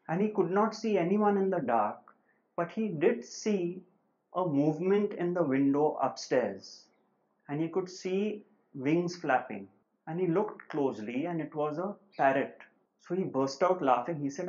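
A man giving a spiritual talk as a teacher, slow and measured with long pauses, on a slightly dull lo-fi recording. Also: on the high side, animated, darkish tone.

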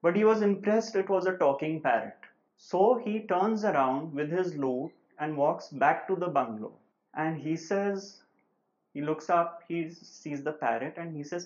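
A man giving a spiritual talk as a teacher, slow and measured with long pauses, on a slightly dull lo-fi recording. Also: on the high side, a little mellow.

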